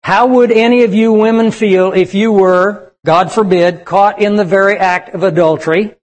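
A man's voice: high voice, steady tone, normal speed. A man preaching a sermon to young people, emphatic and asking the audience questions. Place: church service with audience.

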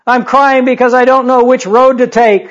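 Tearful, unsure little girl put on by a male preacher, very high, lo-fi sound. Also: little pitch movement, moderate pace. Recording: dull lo-fi recording.

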